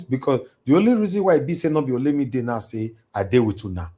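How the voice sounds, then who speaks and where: Fast and sing-song, this mellow, husky mid-range voice belongs to a Nigerian Pidgin English-accented man livestreaming from home. His monologue is a fervent sermon to his audience, drifting into Pidgin, captured on a home streaming mic.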